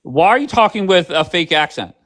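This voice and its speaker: A man's voice: high voice, sing-song, fairly quick, a bit bright. A man hosting a live stream, talking bluntly and sarcastically with a lot of swearing. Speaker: livestream host. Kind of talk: casual live-stream chat.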